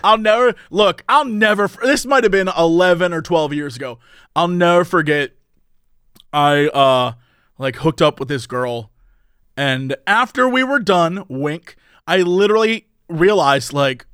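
A man in his thirties, an animated podcast co-host, telling stories in casual chat with a lot of laughter. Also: high-pitched, unhurried, clean tone, dry recording, clean studio sound.

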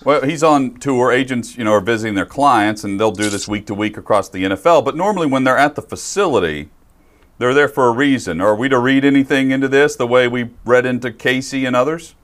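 A man hosting a sports talk show, speaking in a steady way and asking follow-up questions. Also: medium pitch, fairly quick. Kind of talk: casual sports radio talk.

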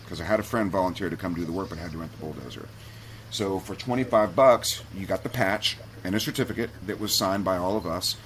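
A man's voice: sits low, fairly quick, slight background noise. A man on a podcast as a guest, telling a personal story in a candid, heartfelt way that gets him choked up. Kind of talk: casual storytelling.

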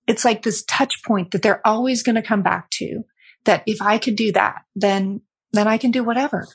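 A woman's voice: mid-range voice, slightly rough. A middle-aged woman, a guest author on an interview show, telling a personal family story in a candid, reflective way. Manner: candid, reflective, animated when quoting family. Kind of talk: conversational storytelling.

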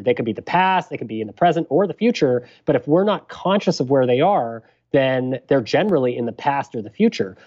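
A man, a physician and podcast guest, explaining a breathing technique in a measured, thoughtful way. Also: medium pitch, darkish tone, dull audio. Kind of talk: explanatory interview talk.

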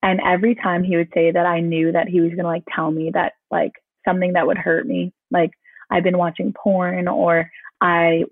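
Young woman guest, chatty storyteller, fills her talk with "like", slightly low voice, phone-line sound. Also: flat delivery, moderate pace, no echo. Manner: chatty, peppered with "like". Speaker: guest sharing her testimony. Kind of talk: casual personal storytelling.

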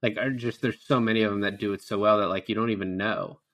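A man's voice: fairly low pitch, fairly even intonation, quick pace, fairly bright tone. A man in his thirties co-hosting a casual movie review podcast, loose and rambling with lots of restarts. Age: 30s. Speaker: podcast co-host.

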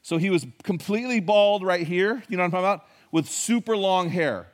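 A pastor preaching a sermon in a conversational, folksy storytelling way, hitting key words with emphasis. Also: male voice, sits high, fairly quick.

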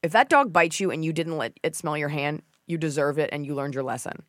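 A woman's voice: deep voice, no echo. Joking woman podcast host, dry close sound. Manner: quick, joking, slips into mock voices. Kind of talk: comedic casual chat.

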